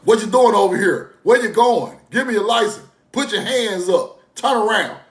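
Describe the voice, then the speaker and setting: A man's voice: high-pitched, moderate pace, fairly bright tone, reverberant, pitched above the performer's own voice. A man voicing a brusque male police officer who barks curt commands. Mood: barking orders.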